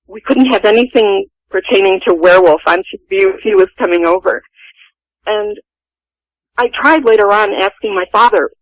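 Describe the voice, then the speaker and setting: A woman's voice: medium pitch, normal speed, dry recording, rough recording. A woman in her sixties, a guest telling a personal family story in an earnest, vivid way.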